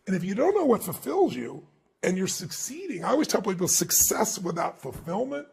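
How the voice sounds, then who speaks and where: A man being interviewed as an author, telling stories in an emphatic, animated way and acting out the dialogue. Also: high-pitched, a little fast, vocal fry, breathy edge. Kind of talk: interview storytelling.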